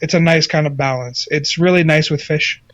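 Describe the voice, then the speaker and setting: A man chatting on a podcast, calmly explaining wine and reacting to stories with short exclamations. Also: on the high side, moderate pace, no room sound, dull audio. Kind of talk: casual chat.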